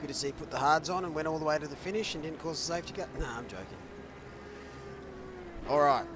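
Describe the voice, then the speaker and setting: A man's voice: on the high side, fast, noisy background. Chatty man commentating sim racing. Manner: chatty, gets loud and excitable at race action. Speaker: race commentator.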